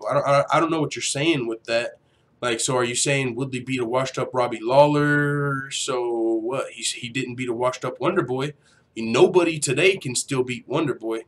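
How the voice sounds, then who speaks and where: A young man hosting a casual MMA livestream, rambling and profane, reading out chat comments. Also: medium pitch. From grew up in a Mexican neighborhood. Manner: rambling, profane, slangy, with mock voices.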